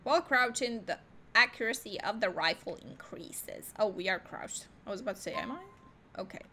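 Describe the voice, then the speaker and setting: A young woman commenting on her gameplay in a chatty, excitable way, swearing often. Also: mid-range voice, moderate pace, a little hiss or hum. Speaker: gaming video host. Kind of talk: live gameplay reaction commentary.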